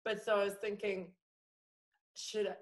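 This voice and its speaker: A woman in her thirties with an international English accent, a comedian chatting casually in an interview, full of fillers and animated storytelling. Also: mid-range voice, a little slow, rough recording. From France. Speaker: guest comedian.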